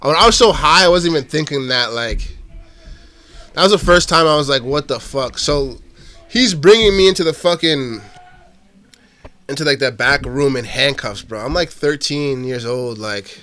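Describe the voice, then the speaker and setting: Bright-voiced young man. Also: fairly high pitch, normal speed. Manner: animated, profane storytelling with lots of slang. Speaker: podcast guest or host. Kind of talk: casual podcast chat.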